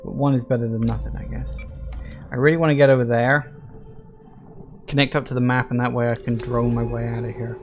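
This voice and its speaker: A man commenting casually on a game as he plays, musing aloud and softly reading out on-screen text. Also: medium pitch, level tone, fairly quick, pauses often, faint music behind. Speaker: let's-play gamer.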